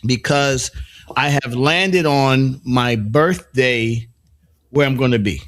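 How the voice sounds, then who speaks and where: A man's voice: mid-range voice, slow, fairly bright tone. Rambling, joking male morning show host. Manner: rambling, with many restarts and asides; playful, joking. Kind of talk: casual morning show banter.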